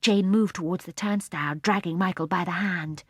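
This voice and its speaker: A woman narrating a children's storybook in a soft, hushed storytelling manner. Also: lowish voice, fairly even intonation, normal speed, husky, no room sound, studio quality. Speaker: audiobook narrator.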